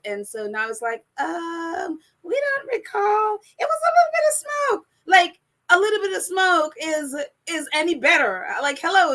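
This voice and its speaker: A woman with a high, bright voice chats casually on a livestream. She answers viewer comments as they come in. She laughs often, and her voice swoops between registers. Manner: laughs often, voice jumps around in pitch. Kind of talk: casual live chat.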